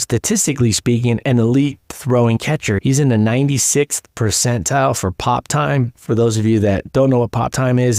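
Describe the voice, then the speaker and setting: Man, podcast host, baseball coach, enthusiastic explainer, mid-pitched, dry close mic. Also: darkish tone, no echo. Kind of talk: solo podcast commentary.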